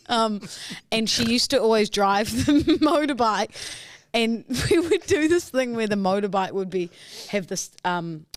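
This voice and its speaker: A woman's voice: a little high, animated, measured pace, no echo. A woman, co-hosting a podcast and telling a funny childhood story in a chatty, giggly way. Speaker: podcast co-host. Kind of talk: casual storytelling chat.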